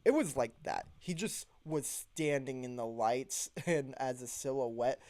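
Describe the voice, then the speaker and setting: A young man casually telling a story to the camera, animated, jumping into high voices when he quotes himself. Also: unhurried, dry recording.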